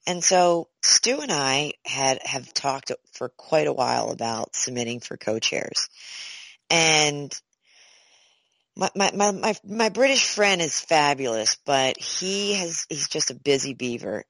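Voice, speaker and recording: A woman chatting as a conference co-chair, high energy and excitable, often restarting and repeating words. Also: unhurried, creaky, no room sound, poor audio. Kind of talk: casual conversation.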